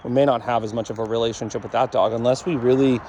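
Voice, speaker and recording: A man's voice: mid-range voice, fairly even intonation, fast talker, a little mellow, slight background noise. Blunt, matter-of-fact male dog trainer. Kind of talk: casual explanatory commentary while training.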